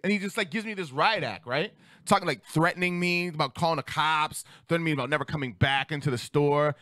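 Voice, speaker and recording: A man in his thirties spins a story on a talk show, his voice leaping high and dropping low as he acts out each voice. The sound is dry and close, with no room around it. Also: quick pace, no echo. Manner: animated, acts out quotes with big pitch jumps. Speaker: podcast host. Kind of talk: casual storytelling. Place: studio.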